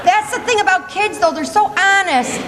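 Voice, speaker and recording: High-voiced older woman telling funny stories. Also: moderate pace. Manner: animated, laughing while telling stories. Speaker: motivational speaker. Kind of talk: humorous storytelling speech. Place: conference hall. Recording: echoey hall with faint room noise.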